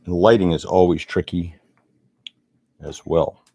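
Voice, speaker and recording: A man's voice: deep voice, steady tone, unhurried, dark tone, dry recording. A middle-aged man chatting casually and rambling as he narrates his sculpting work. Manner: rambling, chatty, self-deprecating. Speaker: sculptor vlogger.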